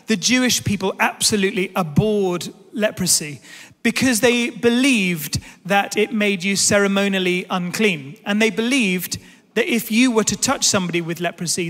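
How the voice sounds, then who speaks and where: Guy in his 30s preaching, high voice, lively storytelling, big echoey church hall. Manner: animated, self-deprecating storyteller. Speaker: pastor. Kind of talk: sermon with personal storytelling.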